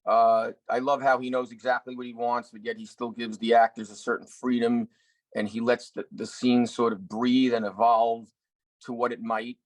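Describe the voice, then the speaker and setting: A middle-aged actor and director telling a story in an interview, earnest, with many restarts. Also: male voice, medium pitch, level tone, normal speed, no room sound, low-quality recording. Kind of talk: anecdotal interview talk.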